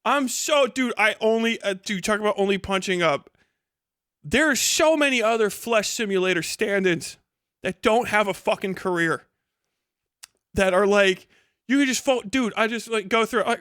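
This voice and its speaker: A young man with a high, bright voice rattles off excitable, profanity-laced stream commentary, breaking into laughter often. The sound is close and dry. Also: moderate pace, clean tone, dry recording. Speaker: live streamer.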